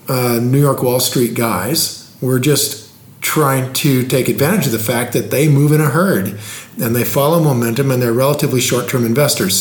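A man who explains investing plainly, like a teacher, with everyday examples in a casual conversation. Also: medium pitch. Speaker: investing expert. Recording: roomy echo.

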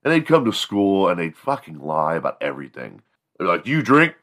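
A man's voice: low voice, very animated, a little fast, fairly bright tone. A man hosting a morning show, telling rambling, profane comedic stories. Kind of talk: comedic storytelling.

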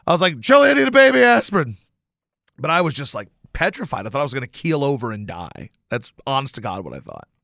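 A man hosting a podcast, delivering a casual, profane, animated rant on his own. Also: mid-range voice, fast, hardly any pauses, dry recording, clean studio sound. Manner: animated and profane, swears often. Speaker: podcast host. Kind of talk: casual ranting monologue.

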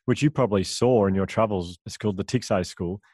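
A man, a guest author, telling lively stories full of quoted dialogue in a casual interview. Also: on the low side, breathy edge, no room sound, clean studio sound. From Australia. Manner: animated storyteller, quick asides and quoted dialogue.

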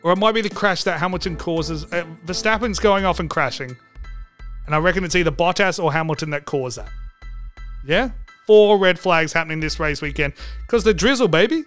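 A man's voice: sits high, brisk, a bit bright, soft background music. A man hosting a comedic podcast, joking and irreverent and swearing freely. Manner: joking, irreverent, mock phone call, swears. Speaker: podcast host.

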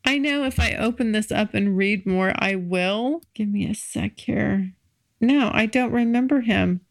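A woman hosts her podcast alone, chatting in a frank, easygoing way and breaking into easy laughs. Her voice sits at an ordinary middle pitch. The sound is close and dry, with no room around it. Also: measured pace, no room sound. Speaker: podcast host. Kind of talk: casual solo podcast monologue.

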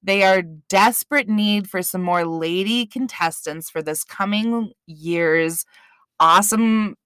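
A woman's voice: lowish voice, takes it slowly, fairly bright tone, clean tone, no echo, studio quality. A woman co-hosting a podcast, chatting casually, blunt and teasing, swearing now and then. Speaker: podcast co-host. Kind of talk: casual chat.

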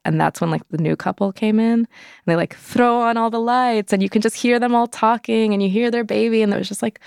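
A woman's voice: a little high, brisk, vocal fry, a little mellow, clear, resonant tone, dry recording, studio quality. A young adult woman telling her personal story as an interview guest, candid and conversational, full of fillers. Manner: conversational, many fillers, acts out quoted voices.

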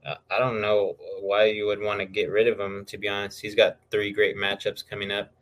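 A man with a somewhat low voice co-hosts a casual podcast. He talks through stats at an easy pace, dropping filler uhs as he goes. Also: flat delivery, brisk, a bit bright. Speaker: podcast co-host. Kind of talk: casual fantasy football chat.

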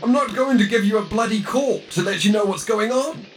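A man's voice: high-pitched, sing-song, moderate pace, pushed and bright, a little hiss or hum, full character voice. A man voicing a harried male adventurer who curtly brushes off a caller mid-battle in a tabletop game. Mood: exasperated. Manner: exasperated, curt, keeps repeating the name.

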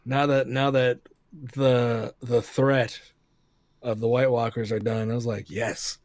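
A man co-hosting a casual podcast over a video call, relaxed and slangy, often restarting his sentences. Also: medium pitch, unhurried, dry recording, studio quality. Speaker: podcast co-host.

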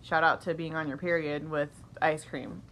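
A woman's voice: low voice, level tone, moderate pace, a bit bright, a little hiss or hum. A young woman co-hosting a casual chat podcast, telling profane stories and quoting others, laughing often. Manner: profane, storytelling with quoted voices, laughing often. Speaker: podcast co-host.

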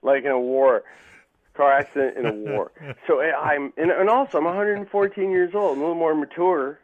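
A man's voice: fairly high pitch, brisk. A man with a slightly raised voice spins long, swear-filled stories in loose conversation. He jumps between tangents and acts out what people said. The sound is thin and boxy, like a phone line. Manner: profane, rambling, jokey, acts out quotes. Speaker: podcast guest. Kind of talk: casual storytelling chat.

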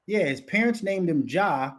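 A man's voice: sits high, animated, moderate pace. A man hosting a profane, casual commentary show, rowdy and swearing constantly as he riffs on clips.

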